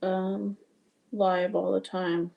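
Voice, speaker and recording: A woman's voice: mid-range voice, flat delivery, drawn-out words, creaky, highs cut off. A woman from Wyoming with a mixed Wyoming and Southern accent, chatting casually on a livestream and answering viewer comments. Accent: mixed Wyoming and Southern Louisiana. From Wyoming, USA. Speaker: cross-stitch livestreamer.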